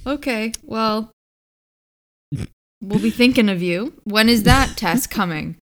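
A woman co-hosting a podcast in casual chat, sarcastic and quick to laugh. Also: fairly high pitch. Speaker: podcast co-host.

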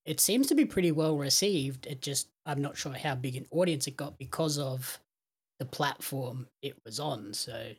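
Podcast guest: man, mid pitch, husky voice, measured and agreeable delivery. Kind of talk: casual podcast chat.

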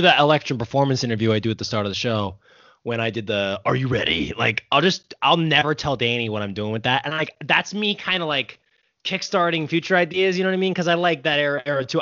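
A man's voice: medium pitch, fairly bright tone, dry recording, muffled recording. A man hosting a podcast in casual chat, chatty and laughing often. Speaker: podcast host.

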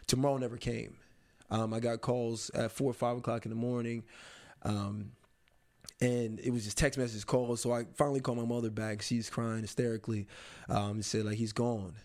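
Give me a young man recounting a personal story in an interview, reflective and halting. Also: medium pitch, steady tone. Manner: reflective, halting, many ums and restarts.

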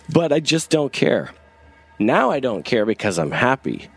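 A man's voice: mid-range voice, gravelly, breathy edge. A young man from North Carolina telling a rambling personal story in casual talk, filling it with "like" and acting out what others said. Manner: rambling, frequent "like", acts out quoted voices. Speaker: guest storyteller.

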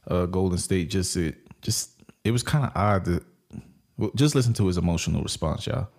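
A man with a fairly low voice gives blunt sports opinions in casual slang. He talks loosely, in an easy conversational flow. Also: lively intonation, brisk, vocal fry, a little mellow. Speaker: sports talk co-host.

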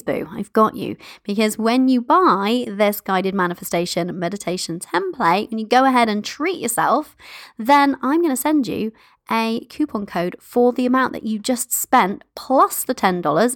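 A woman's voice: medium pitch, no room sound, studio quality. A woman hosting her own podcast, talking to listeners in a bubbly, affectionate, chatty way. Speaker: podcast host. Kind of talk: casual solo podcast chat.

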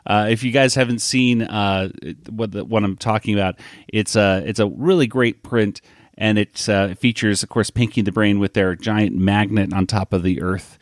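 Podcast host guy, kinda low voice, lots of uhs, dry close mic. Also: steady tone, no echo. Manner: halting, lots of uh fillers and restarts. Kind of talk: casual podcast chat.

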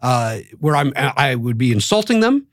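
A male comedian guest telling quick, self-mocking stories on a podcast. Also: medium pitch, sing-song, no room sound, clean studio sound. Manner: quick, self-mocking, bursts into put-on voices. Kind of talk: animated storytelling on a podcast.

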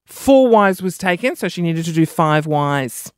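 A man hosting his own podcast in casual solo chat, rambling and self-mocking with quick asides and audible sniffing between phrases. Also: sits high, animated, fairly bright tone, smooth, dry recording, studio quality. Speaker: podcast host.

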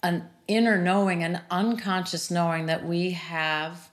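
Earnest, reflective woman with a lower voice. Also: level tone, unhurried. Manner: reflective, earnest, many "you know" fillers. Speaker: sound healer and interview series host, as guest. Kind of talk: personal conversation about grief.

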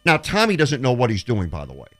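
A man's voice: medium pitch, fast. A man on a sports talk show, telling stories and acting out the voices of the people in them. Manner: animated storyteller who acts out quotes. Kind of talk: casual radio show chat.

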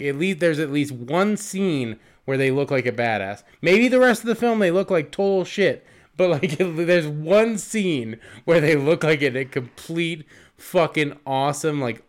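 A young man co-hosting a casual movie podcast. He talks excitedly, swears often and fills his talk with "like". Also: on the high side, measured pace. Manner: excitable, swears a lot, lots of "like". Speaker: podcast co-host. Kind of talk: casual movie review chat.

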